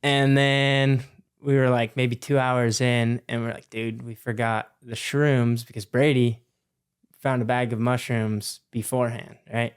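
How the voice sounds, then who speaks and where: A young man in his twenties, a podcast guest telling a story in a loose, animated way with lots of fillers and swearing. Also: medium pitch, measured pace, clean tone. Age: 20s. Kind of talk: casual storytelling.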